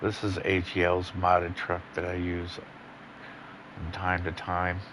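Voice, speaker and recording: A man's voice: low-pitched, completely flat delivery, takes it slowly, a bit bright, a little hiss or hum. A man casually commenting on his gameplay, rambling and blunt, with plenty of swearing. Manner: laid-back, rambling, profane and blunt. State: yawning, a bit tired. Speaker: gaming channel host.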